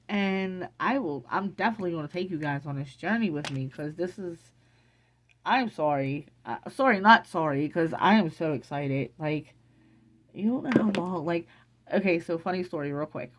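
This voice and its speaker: Middle-aged woman vlogging, low-ish voice, teary and excited, rambles and restarts a lot. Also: moderate pace, a little hiss or hum. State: teary from crying. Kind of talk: emotional casual vlog.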